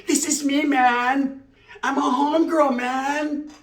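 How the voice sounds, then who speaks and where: A man's voice: very high voice, fairly even intonation, slow, pitched above the performer's own voice. A man voicing a brash, pushy young woman stalker who talks tough and slangy. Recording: roomy echo.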